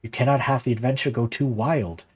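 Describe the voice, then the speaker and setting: Brisk and slightly rough, this mid-range male voice carries a lively, casual stream about running tabletop games. He often poses a rhetorical "right?" and reads chat comments aloud, responding to each as the game-design talk rolls on.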